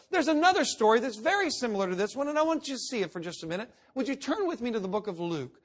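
A man preaching a sermon, emphatic, swinging between loud declarations and hushed asides, sometimes acting out quoted voices. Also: very high-pitched, sing-song, fast, hardly any pauses. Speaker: pastor.

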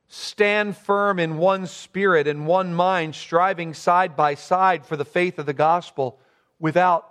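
A man preaching a sermon, earnestly stressing key words and posing rhetorical questions. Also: on the high side.

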